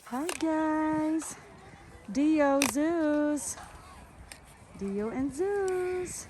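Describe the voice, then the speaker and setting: High-voiced cheerful woman vlogging outdoors. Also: expressive, extremely slow, long pauses, noisy background. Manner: cheerful, coos at her dogs in a high voice. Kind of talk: casual vlog chat. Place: outdoors in deep snow.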